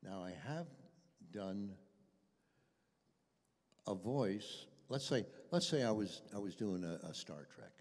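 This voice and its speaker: A man's voice: fairly low pitch, animated, slow pace, long pauses, a little mellow. An older man, a voice actor guest, telling anecdotes at a convention Q&A with a chatty, self-deprecating, chuckling manner. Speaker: voice actor guest at a fan panel. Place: convention panel room. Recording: echoey convention hall.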